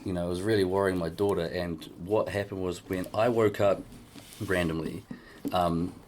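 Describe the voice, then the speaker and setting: A man's voice: deep voice, steady tone, moderate pace, a little mellow, a little hiss or hum. A man co-hosting a podcast, telling a story in a rambling, frank way, full of "like" and "you know" and casual swearing. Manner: rambling, filler-heavy storytelling. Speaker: podcast co-host.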